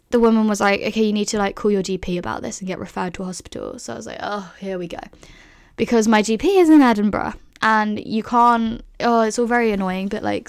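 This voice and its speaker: A woman's voice: mid-range voice, creaky, clear, resonant tone, dry recording, studio quality. A woman in her twenties from the UK, telling a story in a chatty, casual way with lots of fillers and laughs. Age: 20s. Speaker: vlogger.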